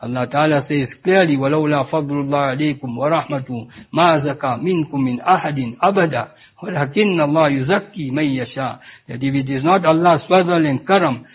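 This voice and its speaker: A man giving an Islamic sermon as a Sufi preacher, halting and restarting, with Arabic recitation woven in. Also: a little high, husky. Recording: tinny phone-like recording.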